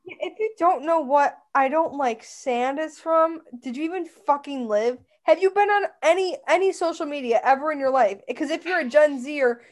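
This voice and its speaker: Playful, high-voiced young woman. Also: expressive, normal speed. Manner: playful, emphatic, swears a lot. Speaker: podcast co-host. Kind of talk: casual recap chat.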